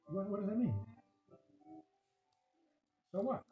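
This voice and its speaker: Male religious teacher, questioning, animated delivery; echoey, phone-like audio. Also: high voice, takes it slowly, faint music behind. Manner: questioning, acts out dialogue, laughs often. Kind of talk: Torah class talk. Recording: echoey tinny phone-like recording.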